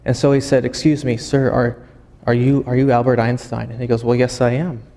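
A man preaching a sermon. He tells a long story, halting and often repeating words as he goes. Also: medium pitch, level tone, warm tone. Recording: long hall reverb.

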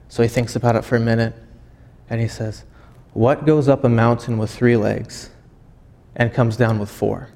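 A man preaching a sermon. He tells a long story, halting and often repeating words as he goes. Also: mid-range voice, fairly even intonation, creaky, warm tone. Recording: long hall reverb.

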